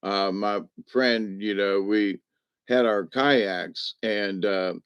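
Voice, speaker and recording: A man's voice: lowish voice, steady tone, slow pace, clear, resonant tone, no room sound, highs cut off. A man telling a personal story in a casual, rambling way, folksy and meandering, with homespun slang.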